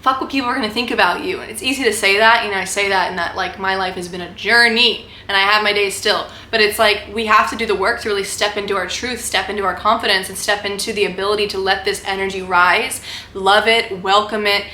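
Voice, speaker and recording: Talking quickly in a steady, sharp, mid-range voice, a young woman vlogger pours out an impassioned spiritual monologue to camera. She rambles, full of "like" and "right?", in an echoey room with faint noise behind her.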